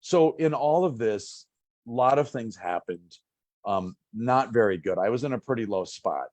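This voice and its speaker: A man in his sixties from Minnesota, a pain doctor telling his story as an interview guest in a casual, animated way. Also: medium pitch, normal speed, dry recording. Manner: animated, acts out past conversations.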